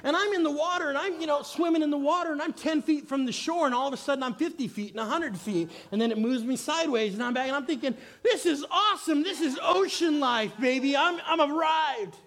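A male pastor delivering a storytelling sermon, jumping from loud excited shouts to hushed, quiet passages. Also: very high voice, fast, hardly any pauses.

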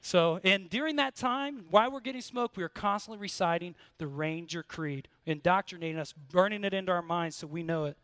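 A man's voice: sits high, brisk, few pauses, a bit bright, clear, resonant tone, no room sound. An American man preaching a sermon, mixing scripture with a story from his own army days, earnest and building in intensity.

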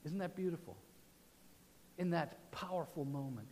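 A male pastor preaching a sermon, moving from loud proclamation to soft, hushed passages. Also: high voice, animated, measured pace, a little hiss or hum. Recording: long hall reverb.

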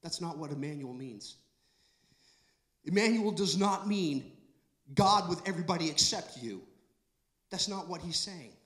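Male preacher, sermon, emphatic, repeats lines, slightly high voice, echoey church hall. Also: lively intonation, measured pace, pauses often. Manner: emphatic, repetitive, swings from soft to loud. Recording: echoey room.

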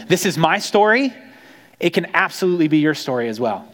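Male pastor, conversational storytelling sermon, higher-pitched, echoing hall. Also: quick pace. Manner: conversational, animated storytelling with acted quotes.

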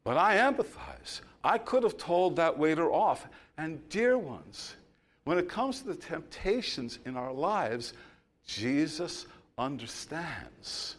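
A middle-aged male pastor preaching a sermon, telling a story that builds to loud emphasis and then drops soft. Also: a little high, big pitch swings, slow pace.

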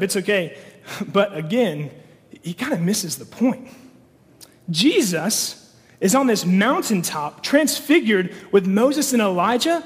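A man's voice: high-pitched, takes it slowly, long reverb tail. A man preaching a sermon as pastor, conversational and full of fillers and restarts.

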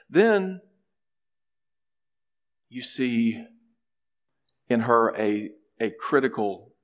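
A man preaching a sermon, animated, acting out a character's complaints in a raised voice. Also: mid-range voice. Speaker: pastor.

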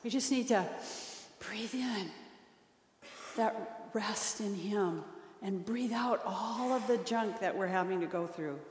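A woman preaching a sermon in a church, earnest and gently exhorting as she reads scripture aloud. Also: mid-range voice, slow pace. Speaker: pastor. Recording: roomy hall with long reverb.

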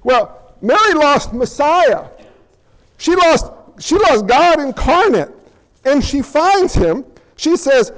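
Male pastor, sermon, high voice, lively, joking asides, long hall reverb. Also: slow pace, slight background noise. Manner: animated, conversational, jokey asides.

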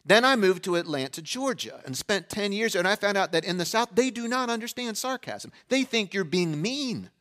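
A middle-aged pastor preaching in a loose, chatty way, with a voice that sits a little high for a man. He slips in sarcastic asides and acts out the people in the story. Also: animated, normal speed, hardly any pauses, pushed and bright. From Pennsylvania, USA. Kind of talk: sermon.

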